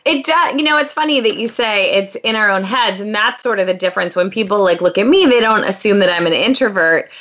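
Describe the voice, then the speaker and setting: A woman's voice: mid-range voice, animated, a little fast, hardly any pauses, a bit bright, lo-fi sound. A woman hosting a podcast interview, speaking in a friendly, reflective way and asking open questions. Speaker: podcast host. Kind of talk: conversational interview.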